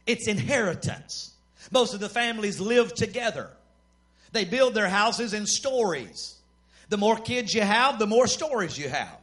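A preacher with a very high voice, folksy and emphatic, who tells scripture stories plainly and then drives points home with shouts. His tone is bright and forceful, and his delivery is full of conviction. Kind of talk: sermon.

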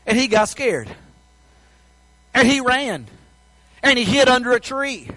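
A man preaching a sermon in a folksy storytelling way, swinging between loud passages and hushed ones. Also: very high voice, lively intonation, measured pace, long pauses, low-quality recording.

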